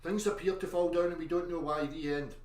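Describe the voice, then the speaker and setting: A man's voice: a little high, steady tone, a little fast, darkish tone, distant mic. A man ranting aggressively in a monologue, insisting and swearing as he argues. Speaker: online commentator. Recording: echoey room, voice off-mic.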